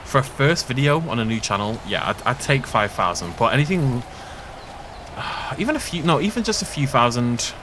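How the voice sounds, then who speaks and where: A man's voice: mid-range voice, animated, moderate pace, noisy background. A young man giving casual, rambling, self-deprecating let's play commentary. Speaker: gaming YouTuber.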